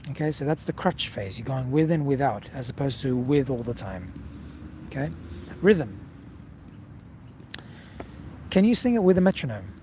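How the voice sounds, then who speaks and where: A man's voice: medium pitch, very animated, a little fast, mellow, a little hiss or hum. A man teaching singing in a casual video lesson, talking straight to the viewer and checking in with frequent "okay?"s. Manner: direct, coaching, frequent "okay?" check-ins.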